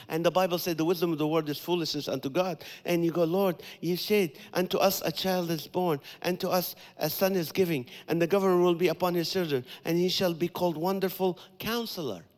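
Man, guest preacher, comedian, high voice, animated, acts out voices, repeats for emphasis, long reverb of a big hall. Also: brisk, hardly any pauses. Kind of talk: sermon with comic asides.

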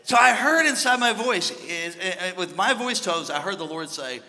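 A man preaching a sermon as pastor, moving between hushed storytelling and shouted exhortation. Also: high-pitched, lively intonation, moderate pace, few pauses, long reverb tail, a little hiss or hum. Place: large church.

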